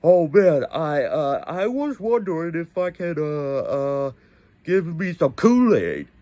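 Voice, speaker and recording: A man's voice: a little high, very animated, slow, warm tone, no room sound. A man voicing a pushy pig soldier who craves a sugary drink, in a demanding, whiny way. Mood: pleading.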